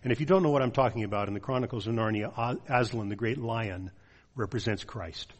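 Husky male pastor preaching. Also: lowish voice, fairly quick. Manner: earnest, with frequent "uh" fillers. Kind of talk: sermon.

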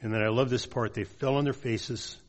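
A man's voice: medium pitch, steady tone, moderate pace. A male pastor preaching a sermon in an earnest way, with frequent "uh" fillers, then closing in prayer.

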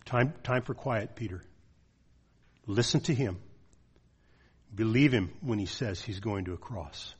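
Husky male pastor preaching. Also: on the low side, normal speed, hardly any pauses. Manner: earnest, with frequent "uh" fillers. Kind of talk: sermon.

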